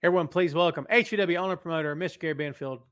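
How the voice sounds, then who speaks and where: Man, middle-aged, live podcast host, hyped, chatty, fairly high voice. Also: very fast. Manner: animated, hyped, talks to chat directly. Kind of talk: live wrestling podcast, reading chat. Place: home office.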